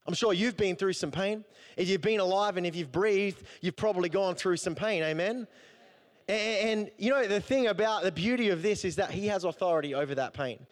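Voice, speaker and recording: A man with a high, light voice delivers a sermon. He talks to the congregation casually, with jokes and asides woven into his preaching. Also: a little fast. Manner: conversational, humorous, animated storytelling. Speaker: pastor. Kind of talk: sermon with personal story.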